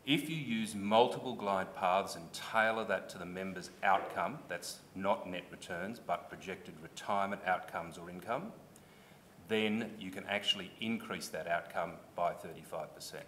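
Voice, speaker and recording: Low-pitched Australian man testifying at a hearing, earnest and explanatory, faint rumble behind. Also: normal speed, a bit bright. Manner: earnest, explanatory, restarts when pressed. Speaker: submitter at a public hearing. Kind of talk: formal testimony.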